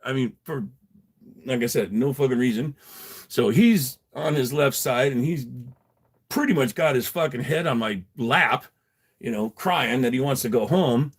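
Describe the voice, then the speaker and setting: A middle-aged man spinning a long personal story on a livestream, swearing freely and rambling through restarts. His voice sits at an ordinary pitch, and he keeps a loose, conversational delivery. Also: measured pace, breathy edge. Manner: profane, rambling, chuckling. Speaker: livestream host. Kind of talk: casual storytelling.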